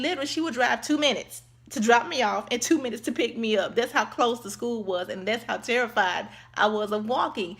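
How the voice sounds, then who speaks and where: A woman telling a casual storytime vlog. She tells it in an animated way, acts out the voices of other people and keeps calling her viewers y'all. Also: fairly high pitch, a little fast. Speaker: vlogger.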